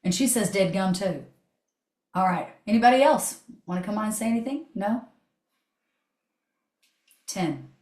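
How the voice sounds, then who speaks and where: A woman hosting a motivational video call, energetic and chatty, swearing casually. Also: mid-range voice, measured pace, pauses often, echoey room. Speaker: host.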